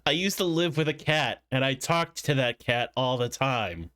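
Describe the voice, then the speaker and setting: A man's voice: medium pitch, expressive, normal speed, pushed and bright. A young man chatting casually over gameplay as a streamer, rambling and playful with frequent swearing.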